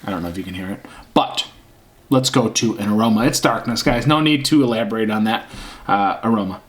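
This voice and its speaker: A man's voice: lowish voice, a little fast. A man casually reviewing a beer on camera, rambling and hunting for words with lots of fillers. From Michigan.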